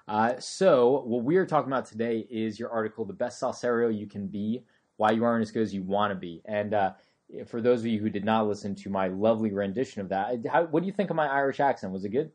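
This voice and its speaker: A man's voice: on the low side, fast, darkish tone. A man hosting a dance podcast, talking in a casual, upbeat and joking way. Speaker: podcast host. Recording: roomy echo.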